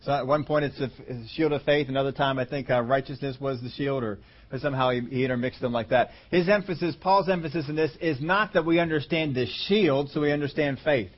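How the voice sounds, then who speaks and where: A man preaching a conversational Bible-teaching sermon, slowing down and stretching key words for emphasis. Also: medium pitch, highs cut off. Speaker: pastor.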